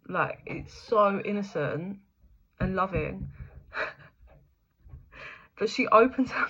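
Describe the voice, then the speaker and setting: A woman's voice: mid-range voice, sharp tone, muffled recording. A young woman giving a casual, chatty spiritual reading, full of fillers, the odd swear word and frequent laughter. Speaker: intuitive reader.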